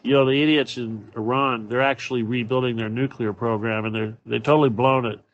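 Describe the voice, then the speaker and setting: A man's voice: mid-range voice, steady tone, brisk, highs cut off. A man hosting his own show, delivering a blunt, profane and sarcastic solo political rant. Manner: sarcastic, mocking. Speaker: show host.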